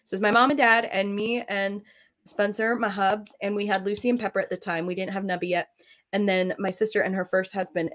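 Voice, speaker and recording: An American woman in her thirties chats casually while stitching, her talk rambling and loose. She drifts from point to point with plenty of "like" and "um", slipping into quick giggles along the way. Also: mid-range voice. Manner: rambling and giggly, full of "like" and "um", often trails into quick laughs. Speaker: cross-stitch designer and channel host.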